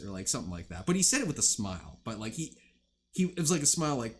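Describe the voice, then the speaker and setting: A man's voice: lowish voice, big pitch swings, fast talker, a little hiss or hum. A young man hosting a livestream, chatting casually with viewers in a rambling, profane way full of fillers. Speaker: livestream host. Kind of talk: casual chat with stream viewers.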